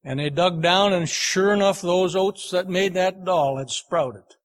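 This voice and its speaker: A man preaching a sermon, telling a folksy farm story in an unhurried, homespun way. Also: high voice.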